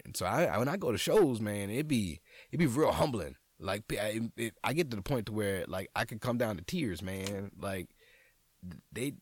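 A man's voice: on the low side, animated, normal speed, slightly rough, dry recording. Profane New Orleans man rambling on a podcast. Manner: rambling, profane, stop-start with many restarts. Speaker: comedian and podcast host. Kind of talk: casual solo podcast talk.

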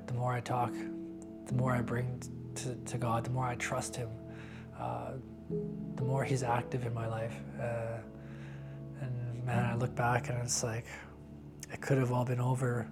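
A man giving a candid interview about his faith, talking earnestly and haltingly with frequent restarts. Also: medium pitch. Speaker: interviewee sharing a personal faith testimony.

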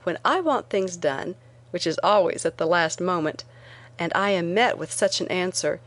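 Low-voiced woman reading an audiobook. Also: animated, normal speed. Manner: clear storytelling, first person. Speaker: narrator.

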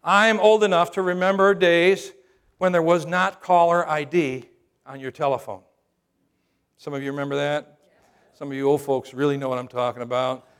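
A man's voice: on the high side, fairly even intonation, normal speed, fairly bright tone, clear, resonant tone. A middle-aged man preaching a sermon as pastor, humorous and conversational, often checking in with the crowd by asking "right?".

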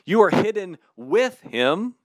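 A man preaching a sermon in an emphatic, candid, animated way. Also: high-pitched, slow, no room sound.

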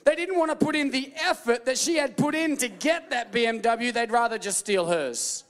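A man with a very high voice delivers an animated, playful sermon, calling out to his congregation for replies. His words ring out with the long reverb of a large hall. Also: moderate pace. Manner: animated, playful preaching with call-and-response and mock voices. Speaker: pastor.

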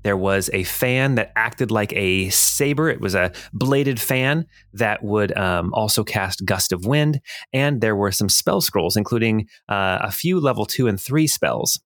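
A man running a tabletop game as game master, recapping the last session in a relaxed, loose way. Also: lowish voice, unhurried, no echo, studio quality. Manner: relaxed, with frequent ums and laughs.

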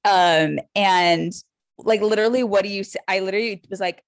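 A woman in her thirties chats casually on a podcast, spinning a story in an animated, filler-heavy way. Her voice sits at an ordinary middle pitch for a woman. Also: moderate pace, no echo, studio quality. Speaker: podcast co-host.

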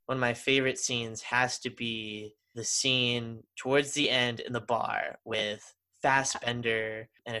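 Podcast co-host, man, bright tone, eager and rambling. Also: on the low side. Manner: enthusiastic, rambling with restarts. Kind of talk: casual chat.

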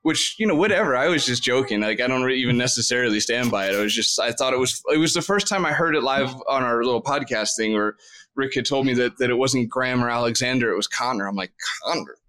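A man's voice: mid-range voice, quick pace, sharp tone. A man, a content creator guest on a podcast, telling a story in casual chat, self-deprecating and often restarting his sentences.

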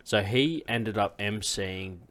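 A man's voice: fairly low pitch, takes it slowly, a loud crowd. A man hosting a podcast, chatting in a laid-back way with lots of swearing and fillers like "um" and "like.". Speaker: podcast host. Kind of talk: casual podcast chat.

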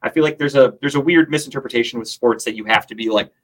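A man's voice: mid-range voice, quick pace, a bit bright, low-quality recording. A man hosting a casual sports talk podcast, opinionated and swearing freely.

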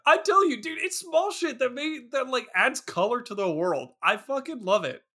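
An excitable man co-hosting a casual podcast, gushing about favorite movie moments and laughing a lot. His voice is high and bright, with a sharp edge. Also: moderate pace. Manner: enthusiastic, gushing, laughs often. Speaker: podcast co-host.

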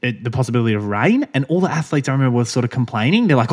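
A man's voice: mid-range voice, sing-song, rapid-fire, darkish tone, husky. A young man from Australia co-hosting a podcast in casual chat, rambling with frequent restarts and laughs. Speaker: podcast co-host.

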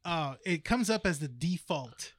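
A man's voice: a little high, measured pace, no room sound. A man co-hosting a podcast, recounting a comic shop customer story with lots of laughter. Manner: laughing, animated anecdotes. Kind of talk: casual chat.

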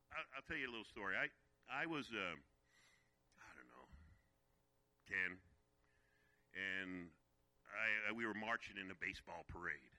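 A man's voice: lowish voice, sharp tone, no room sound, poor audio. A man speaking as guest speaker at a faith weekend, telling a personal story with emotion and often repeating words as he goes. He sounds tearful at times. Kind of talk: conference teaching talk.

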